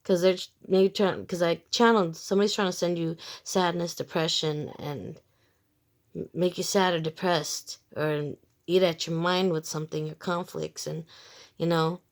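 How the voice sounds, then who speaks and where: A woman's voice: lowish voice, steady tone, moderate pace. A woman giving a casual tarot reading to her viewers, frank and emphatic, swearing freely and repeating short phrases as she talks. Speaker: tarot reader.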